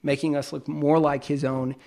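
A male pastor preaching a conversational sermon, illustrating his points with everyday examples and moving between emphatic and quiet delivery. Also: a little high, level tone, normal speed, creaky.

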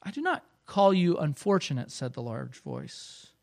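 Man reading a giant gentle lion, storybook, hushed and low, slow, reassuring, slightly high-pitched. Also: huge pitch swings, vocal fry, no echo, studio quality, heavily acted. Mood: calm, gentle. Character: vast deep-voiced male lion, calm and gentle.

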